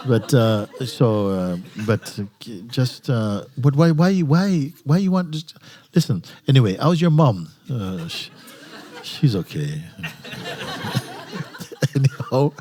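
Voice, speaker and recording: A man's voice: medium pitch, lively intonation, slow, warm tone. A man, a spiritual teacher, giving an informal talk at a retreat gathering. He tells stories with frequent laughter and restarts, in non-native phrasing. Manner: laughing often while telling a story. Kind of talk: informal satsang talk and storytelling.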